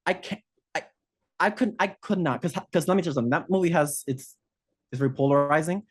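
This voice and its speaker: A man's voice: fairly high pitch, fast talker, slightly rough. A man co-hosting a casual group chat, campy and sassy, calling everyone honey. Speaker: podcast co-host.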